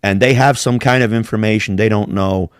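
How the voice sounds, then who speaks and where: A man's voice: fairly low pitch, steady tone, fairly quick, smooth, no room sound, studio quality. A man co-hosting a podcast, chatting casually with rambling, profane talk. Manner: profane, rambling, does mocking impressions. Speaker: podcast co-host. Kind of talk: casual chat.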